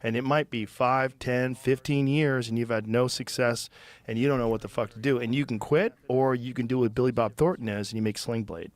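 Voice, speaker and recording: A man's voice: medium pitch, steady tone, fairly quick. A man hosting a casual podcast chat, blunt and argumentative, swearing freely.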